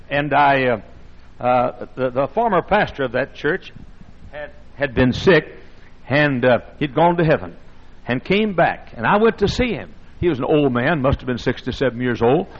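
A man's voice: medium pitch, dull audio. A man preaching a sermon in an emphatic, repetitive cadence.

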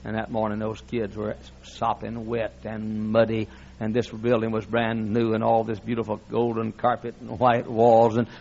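A man's voice: medium pitch, highs cut off. A male pastor preaching a sermon with impassioned, folksy delivery and frequent laughter.

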